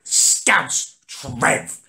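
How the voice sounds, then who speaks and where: A man's voice: extremely slow, bright, forceful tone. A man, ranting indignantly in a comedic monologue. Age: 30s. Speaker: comedic vlogger. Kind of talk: comedic rant to camera.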